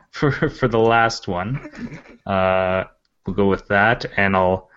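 A man's voice: on the low side, slow pace, a bit bright, clean tone, dull audio. A man hosting a casual podcast, laughing often and stammering through restarts. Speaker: host.

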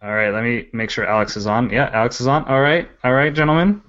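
A man's voice: mid-range voice, fast talker, fairly bright tone, lo-fi sound. A man hosting a casual podcast, laughing often and stammering through restarts. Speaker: host.

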